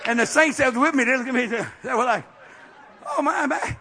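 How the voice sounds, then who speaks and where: A man preaching a sermon as a bishop, with fiery call-and-response delivery that breaks into shouts at its peaks. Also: very high-pitched, fast, a faint crowd, slight background noise. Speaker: bishop and pastor.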